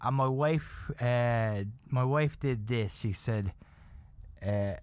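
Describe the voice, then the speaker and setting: Dude telling a funny story on his podcast, cusses a lot, voice shoots way up when he's freaked, pretty average pitch, dry close sound. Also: slow, clear, resonant tone, no echo. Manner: animated, profane, jumps high when freaked out. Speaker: podcast host. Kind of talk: comedic storytelling monologue.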